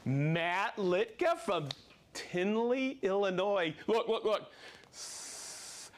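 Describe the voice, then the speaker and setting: A man with a notably high voice hosts a live stream from a workshop studio. He is from South Florida and reads out viewers and where they are watching from, playful and upbeat, with bursts of whoops. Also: animated, very slow. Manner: upbeat, playful, calling out names and places with whoops. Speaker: livestream host.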